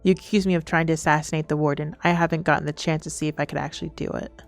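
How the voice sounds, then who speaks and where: A young adult woman streaming a game, reading its text aloud between excitable, crude, giggly banter. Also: sits low, racing, gravelly, soft background music.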